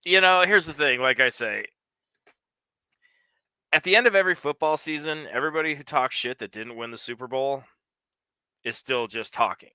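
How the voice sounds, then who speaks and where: A man's voice: medium pitch, normal speed, pauses often, pushed and bright, smooth, no room sound. A man co-hosting a sports talk show, blunt, profane and sarcastic. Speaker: co-host. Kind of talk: casual sports chat.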